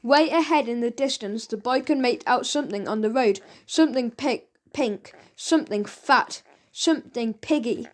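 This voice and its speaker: A woman reads a children's audiobook aloud, lively and expressive, with a high voice. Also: normal speed. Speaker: audiobook narrator.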